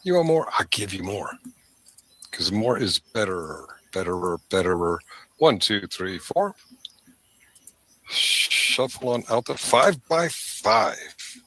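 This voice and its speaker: A man's voice: sits low, animated, takes it slowly, pauses often, pushed and bright, a little hiss or hum. A man hosting a live stream, with rambling, sarcastic commentary into a desk microphone. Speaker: stream host.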